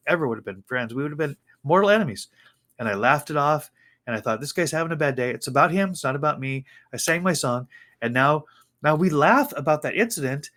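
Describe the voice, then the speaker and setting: A man co-hosting a casual chat, telling stories animatedly and talking about faith. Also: on the high side. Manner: animated storytelling with faith talk. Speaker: co-host.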